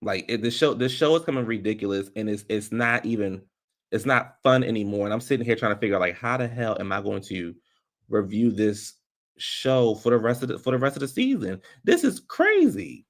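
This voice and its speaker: A man reviewing a reality TV episode in casual commentary, ranting in an animated, profane way. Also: fairly low pitch, brisk.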